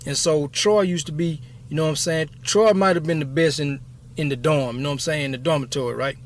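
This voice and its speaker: A man in his fifties with a fairly high voice, talking casually to camera. He rambles through a personal story, circling back on his words and checking in with the listener often. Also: fairly quick. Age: 50s. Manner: rambling, keeps saying "you know what I'm saying". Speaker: YouTube storyteller.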